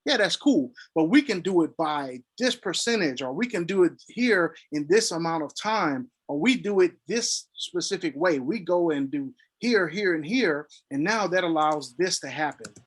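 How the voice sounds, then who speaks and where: A man's voice: fairly high pitch, expressive, normal speed, few pauses, husky. A man on a casual consulting call, explaining sales technique and acting out sample calls with filler syllables.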